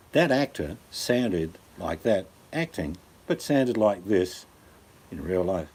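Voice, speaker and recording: Brief: older Australian man, deep-ish and husky, jokey rambling host talk. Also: expressive, takes it slowly, a little mellow. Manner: rambling, jokey, swaps into impressions. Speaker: channel host. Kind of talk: casual chat.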